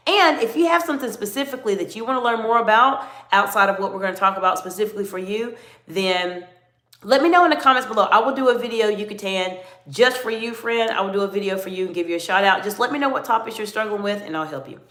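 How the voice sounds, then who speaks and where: A middle-aged woman coaching viewers in a live-stream Q&A, answering them by name and lowering her voice to demonstrate. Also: fast talker, a bit bright. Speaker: communication coach. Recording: roomy echo.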